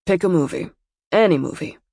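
A woman's voice: lowish voice, a little fast, gravelly, mellow, slightly rough, no room sound. Woman reading as a wry young ex-soldier. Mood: teasing. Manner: dry, wry banter. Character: young male war veteran, guarded and teasing.

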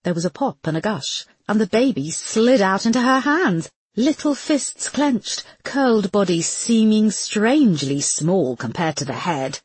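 A woman's voice: medium pitch, lively intonation, a little slow, a little mellow, slightly rough, dry recording. A woman reading an audiobook as its narrator in dramatic, scripted storytelling.

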